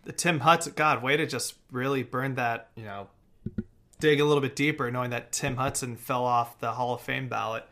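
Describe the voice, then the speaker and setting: A young man co-hosting a laid-back sports podcast, lively and joking as he runs down the latest team news. His voice sits in an everyday middle pitch. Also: normal speed. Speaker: podcast co-host. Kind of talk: casual sports podcast chat.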